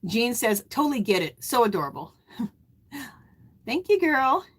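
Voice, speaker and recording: A middle-aged woman hosting a casual live stream, chatting and reading viewer comments aloud in a warm, emotional way. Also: fairly high pitch, big pitch swings, measured pace, breathy edge. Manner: warm and emotional, near tears.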